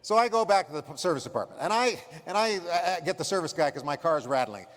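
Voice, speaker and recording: A man with a fairly high, expressive voice speaks fast during a motivational keynote, and the sound carries the feel of a big room. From the conference stage he hammers his points home and plays out customer encounters.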